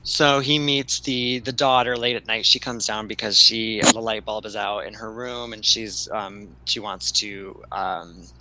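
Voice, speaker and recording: A man's voice: lowish voice, steady tone, a little slow, hardly any pauses, noisy background. A man casually retelling a story to a friend, rambling with lots of fillers and restarts.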